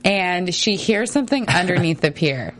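A woman chatting casually as a podcast co-host, recapping a TV episode quickly and laughing often. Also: fairly low pitch, expressive, fairly bright tone, a little hiss or hum.

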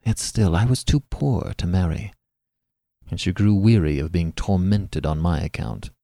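A man reading a classic tale aloud as the podcast's narrator, with an expressive, dramatic delivery. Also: low voice, moderate pace, vocal fry, dry recording, clean studio sound. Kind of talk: scripted narration of a classic story.

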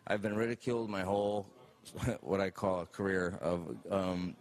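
A male comedian telling a stand-up story in an animated way, acting out the quotes. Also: deep voice, normal speed.

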